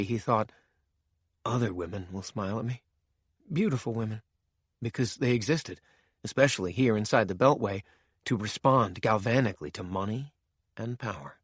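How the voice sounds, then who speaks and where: Low-voiced male audiobook narrator. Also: a bit bright, no room sound, studio quality.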